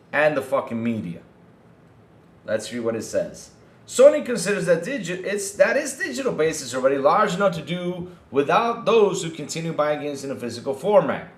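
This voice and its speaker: A gaming podcast host with a fairly high voice reads news aloud and reacts with mocking, profane commentary. He's animated and swears while addressing his chat, and the sound is reverberant.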